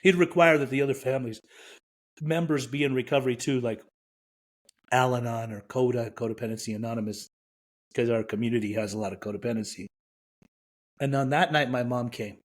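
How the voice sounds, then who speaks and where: A middle-aged man from Iran speaks as a guest on a podcast and tells a personal story. He voices the dialogue of the people in it and lets real emotion into the retelling. His pitch sits in an ordinary middle range. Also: fairly even intonation, a little fast, pauses often.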